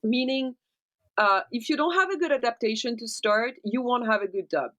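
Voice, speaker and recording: A woman, a dubbing producer, gives animated interview answers and keeps checking in with tag questions. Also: on the high side, moderate pace. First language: French. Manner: animated explainer, tag questions like right and okay.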